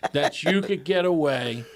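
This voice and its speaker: A man co-hosting a podcast in casual chat, halting and often repeating his words. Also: on the high side, lively intonation. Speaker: podcast co-host.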